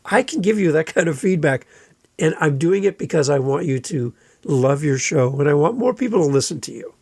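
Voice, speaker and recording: A man hosting a solo podcast, giving energetic, playful advice and sometimes mimicking listeners in silly voices. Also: a little high, brisk, creaky, dry recording, studio quality. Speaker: podcast host.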